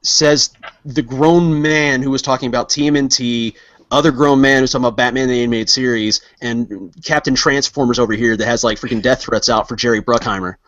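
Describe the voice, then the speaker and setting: Brisk and fairly bright in tone, this man's mid-range voice stays steady as he co-hosts a laid-back podcast with his friends. He teases and jokes, rambling with plenty of fillers, and the sound is dry and dull lo-fi.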